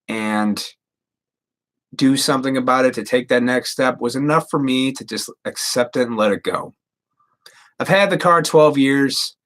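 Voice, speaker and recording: A man's voice: medium pitch, fairly bright tone. Give me a man in his thirties hosting a casual, profane live stream ramble. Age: 30s. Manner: profane, rambling, talks straight to viewers.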